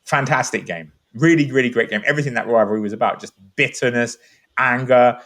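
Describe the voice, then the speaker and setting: A man's voice: mid-range voice, fairly quick, a bit bright. A man talking football on a podcast in a rambling, enthusiastic, casual way. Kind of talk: animated casual chat.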